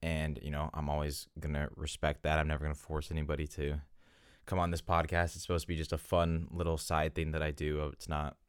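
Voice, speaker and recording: A young man with a deep, smooth voice chats casually on his solo podcast. He rambles and corrects himself, sounding a little out of breath. The sound is close and dry. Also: completely flat delivery, brisk, no room sound. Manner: rambling, self-correcting, chatty. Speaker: podcast host.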